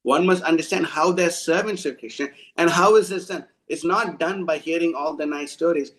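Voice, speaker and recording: A man's voice: a little high, normal speed, a bit bright, poor audio. A man giving an informal devotional talk, blunt and scolding, often restarting his sentences. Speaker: devotional preacher.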